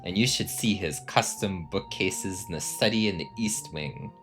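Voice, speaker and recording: A man's voice: deep voice, moderate pace, fairly bright tone, soft background music. A man voicing a gushing, effusive guest at a castle dinner in a game.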